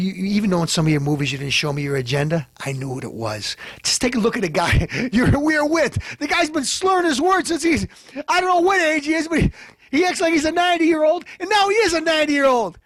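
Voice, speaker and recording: A man hosting a comedy show, ranting and hurling insults, swinging between loud outbursts and low mutters. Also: animated, fairly quick, no room sound. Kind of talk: ranting comic commentary.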